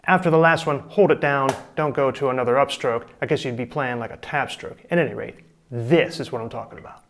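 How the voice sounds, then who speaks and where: A man's voice: mid-range voice, brisk. A middle-aged man giving a casual, chatty drum lesson, explaining and demonstrating technique. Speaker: drum teacher.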